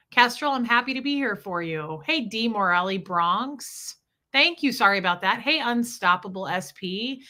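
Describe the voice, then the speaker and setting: A woman's voice: on the high side, sharp tone. A woman hosting a casual livestream, greeting viewers by name one after another. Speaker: livestream host.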